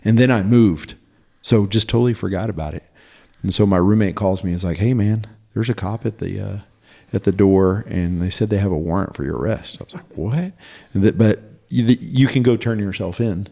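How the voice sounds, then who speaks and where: A man with a low, gravelly voice recounts a story on a podcast. He talks in a halting, animated way, full of fillers and restarts. The delivery is loose and conversational. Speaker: podcast guest. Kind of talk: casual storytelling.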